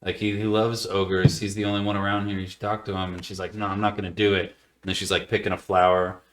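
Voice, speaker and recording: A man's voice: little pitch movement, fast, fairly bright tone. A man in his thirties hosting a podcast, chatting casually and telling rambling, profane stories. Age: 30s. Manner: profane, rambling storyteller who drops his voice low. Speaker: podcast host. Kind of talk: casual chat. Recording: small echoey studio.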